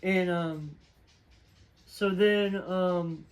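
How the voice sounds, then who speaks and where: A man with a notably high voice talks through a film's story in a loose, chatty recap. He wanders from scene to scene and fills the gaps with plenty of filler words, like an informal reviewer talking straight to the camera. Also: steady tone, drawn-out words, poor audio. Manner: rambling, filler-heavy retelling. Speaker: movie reviewer. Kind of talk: casual movie plot recap.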